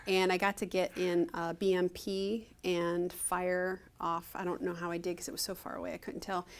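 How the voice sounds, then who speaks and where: A middle-aged woman from Ohio with a low-pitched voice talks through her service memories. She rambles in a friendly storytelling way, with many restarts and "you know"s. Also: level tone, moderate pace. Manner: chatty storytelling, frequent fillers and restarts. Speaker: retired Air Force officer, interviewee. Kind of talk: conversational oral history interview.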